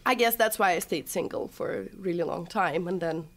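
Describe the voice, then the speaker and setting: A woman's voice: lowish voice, normal speed. A woman whose first language is Russian, a guest on a podcast who talks casually, teasing her host and laughing often. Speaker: guest, comedy video creator.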